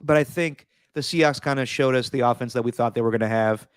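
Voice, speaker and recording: A man talks sports in a casual podcast chat, earnest and emphatic. His voice is smooth and resonant, at a middle pitch, and the recording is dry and close. He stumbles over and repeats words when he gets worked up. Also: fast talker, dry recording. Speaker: podcast co-host.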